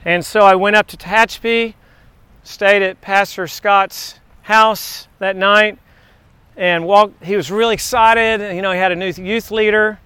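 Excitable high-voiced man telling faith stories. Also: measured pace, clear, resonant tone, dry recording. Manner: excitable, chatty, digressive. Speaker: teacher giving a devotional message. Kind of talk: rambling faith storytelling to a class.

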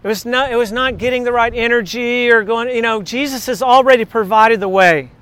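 A man's voice: very high voice, brisk, fairly bright tone, clear, resonant tone. A man preaching a sermon in a conversational way, telling stories and asking rhetorical questions. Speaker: pastor.

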